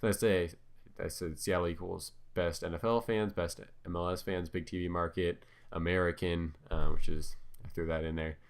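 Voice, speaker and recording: Man, very low voice, loose unscripted commentary, lots of fillers and restarts. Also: fairly even intonation, moderate pace, smooth. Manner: filler-heavy, hesitant, self-correcting. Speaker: commentator on his own videos. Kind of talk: casual rambling commentary.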